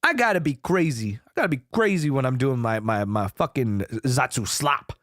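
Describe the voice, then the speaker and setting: Laid-back man streamer with a lively voice. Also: medium pitch, moderate pace, dry recording, clean studio sound. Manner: laid-back, swears casually, says "dog". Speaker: VTuber streamer. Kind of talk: casual chat stream.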